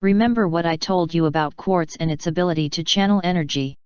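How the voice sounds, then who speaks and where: A woman voicing an earnest young female crystal pony in a storybook reading, gentle and sincere. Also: lowish voice, fast, clear, resonant tone, dry recording, close to an everyday voice. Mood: hopeful. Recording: dull lo-fi dry recording.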